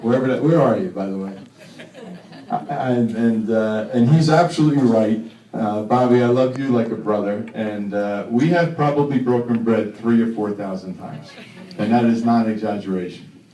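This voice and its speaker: A man's voice: on the low side, normal speed. A middle-aged man in his fifties giving a rambling, emotional thank-you speech as an honored mayor, stammering and joking. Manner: warm, rambling, stammering restarts, joking asides. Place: banquet hall. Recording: echoey hall from far off, faint noise.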